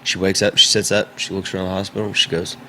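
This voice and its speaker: A man's voice: low-pitched, monotone, fast talker, sharp tone, slight background noise. A man in his thirties, a podcast guest, telling a story in casual chat, repeating words as he goes.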